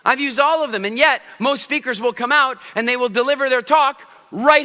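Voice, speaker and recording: Bright, animated man speaking on stage. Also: very high voice. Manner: animated, swings between loud, fast bursts and soft, slow passages. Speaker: public speaking trainer. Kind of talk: live stage talk to an audience. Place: large event hall. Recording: long reverb of a large hall.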